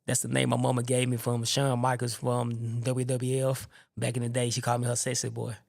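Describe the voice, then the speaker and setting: A man hosting a podcast, telling his own faith testimony in an animated way and acting out the people he quotes. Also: mid-range voice, fairly quick, creaky.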